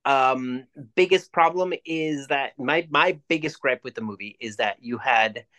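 A man co-hosting a podcast, chatting casually, swearing freely and ranting in quick bursts. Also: mid-range voice, a bit bright. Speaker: podcast co-host. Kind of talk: casual chat.

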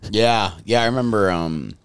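A man's voice: on the low side, moderate pace, smooth, dry recording. A man co-hosting a podcast in laid-back banter, chiming in often to agree. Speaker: podcast co-host.

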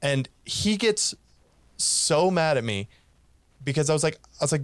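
A man's voice: on the high side, animated, unhurried, long pauses, dry recording. A man casually telling a story on a podcast, laughing and acting out quoted lines.

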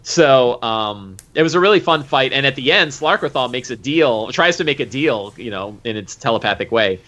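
A man who runs a tabletop game, recapping a session in casual, animated chat with lots of fillers. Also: mid-range voice, normal speed. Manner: animated, full of fillers and acted quotes. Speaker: game master. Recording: dull lo-fi recording.

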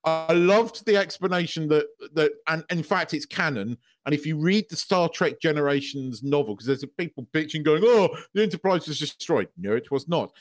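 A man's voice: a little high, expressive, normal speed, hardly any pauses. A man co-hosting a podcast, gushing and swearing as an emotional fan in casual chat. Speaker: podcast co-host.

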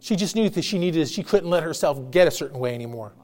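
Man, pastor, high voice, emphatic sermon, repeated phrases, call-and-response. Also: lively intonation, fast, a little mellow.

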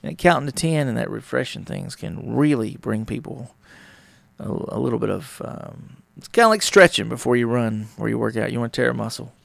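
A man's voice: mid-range voice, expressive, a little fast, creaky, dry recording. A man hosting his own podcast, talking casually and rambling, sometimes acting out small dialogues. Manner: rambling, conversational, acts out little dialogues. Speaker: podcast host. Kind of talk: casual solo talk on relationships.

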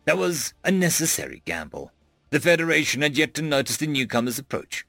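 A male audiobook narrator with a slightly high, very lively voice, telling the story expressively. The sound is dry and close, with soft music under it. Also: fairly quick, gravelly, dry recording.

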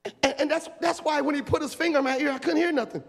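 Male preacher, gravelly voice, big reverberant hall. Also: extremely high pitch, quick pace. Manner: animated, shouting and laughing while acting out a story. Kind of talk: storytelling sermon. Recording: long echo of a large hall.

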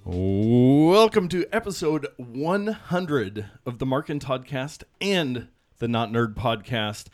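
A man co-hosting a podcast in casual chat, upbeat and quick to laugh. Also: medium pitch, expressive, soft background music. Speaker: podcast co-host.

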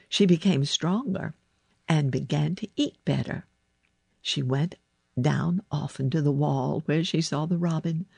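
A woman narrating a children's story aloud in a slow, expressive storytelling manner. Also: deep voice, creaky, husky, no echo.

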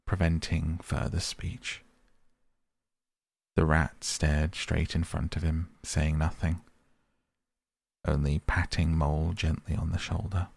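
A man reading a classic storybook aloud in a measured, gentle storytelling manner. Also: sits low, vocal fry, no echo. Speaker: narrator.

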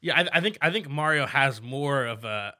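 Male podcast host, brassy bright voice, jokey stirrer. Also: medium pitch, normal speed. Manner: animated, joking, provocative. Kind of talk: casual comedic chat.

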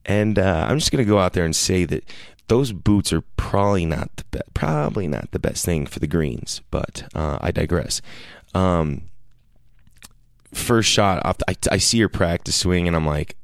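A man's voice: low-pitched, lively intonation, moderate pace, gravelly, no echo, clean studio sound. A man telling a long casual story, rambling with many fillers and restarts and quoting people in raised voices.

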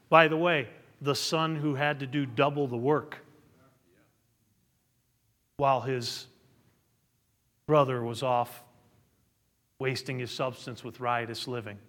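A man's voice: medium pitch, fairly even intonation, slow pace, long pauses, a bit bright, long reverb tail. A middle-aged male pastor preaching a sermon, reading scripture aloud and building to emphatic peaks. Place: church sanctuary.

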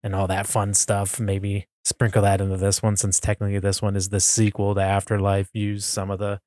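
Man, podcast guest, low voice, easygoing, laughs often, dry recording. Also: completely flat delivery, fairly quick, darkish tone, no room sound. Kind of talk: casual podcast chat.

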